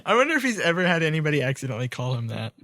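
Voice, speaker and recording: A man's voice: on the high side, very fast, no echo. A man co-hosting a casual podcast chat, eagerly retelling his experiences and laughing often. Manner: laughs often, excited recounting. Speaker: podcast co-host.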